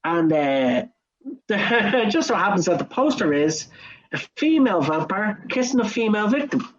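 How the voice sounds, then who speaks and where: A young Irish man on a casual podcast, telling a work story in an animated way and acting out both sides in quoted voices. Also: high-pitched, moderate pace, muffled recording. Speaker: podcast co-host. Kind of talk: casual chat.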